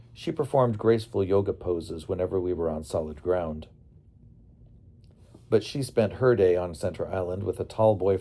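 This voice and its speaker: A man tells his memoir in a plain, storytelling delivery. His voice sits low and sounds mellow and soft-edged. The telling stays steady and unhurried in tone. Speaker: narrator. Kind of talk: memoir narration.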